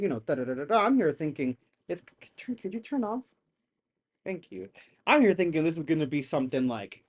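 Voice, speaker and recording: A man hosting a casual live reaction stream from his home setup, excitable and rambling, swearing as he rants into a desk mic. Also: fairly high pitch, brisk. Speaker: livestream reaction host. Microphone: desk microphone.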